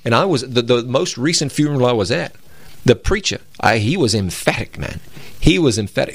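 A man's voice: mid-range voice, very animated, fast talker, fairly bright tone, no echo. A man co-hosting a religious radio talk program, explaining Bible passages step by step in an emphatic, conversational way.

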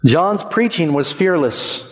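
A man preaching a sermon in an animated way, leading the congregation to repeat lines back to him. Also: a little high, takes it slowly, long reverb tail.

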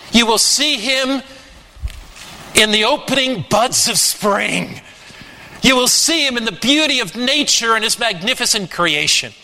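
A man preaching a sermon, slow and emphatic with dramatic pauses. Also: high-pitched, pushed and bright, big-room sound, rough recording. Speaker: pastor.

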